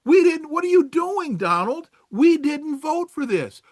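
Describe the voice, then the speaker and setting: A man voicing an aggrieved middle-aged rural voter who rants and pleads indignantly in a raised, swinging pitch. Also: very animated, unhurried, darkish tone, dry recording, studio quality, exaggerated voice.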